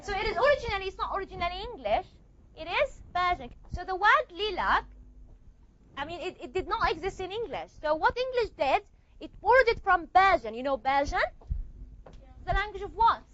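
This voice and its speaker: A woman teaching a classroom lesson, explaining step by step and often checking understanding with quick questions. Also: very high-pitched, very animated, a bit bright, highs cut off. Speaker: language teacher. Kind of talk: classroom lecture.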